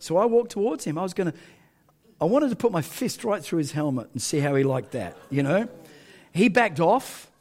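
A man's voice: a little high, very animated, moderate pace, darkish tone. A male pastor, telling a story in a sermon with self-mocking humour and frequent laughter.

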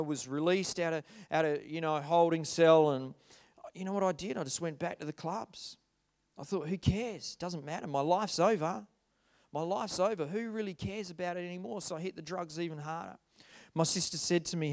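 High-voiced man giving earnest testimony. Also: clean tone. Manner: earnest storytelling, swings from loud to hushed. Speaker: speaker sharing a personal testimony. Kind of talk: testimony talk.

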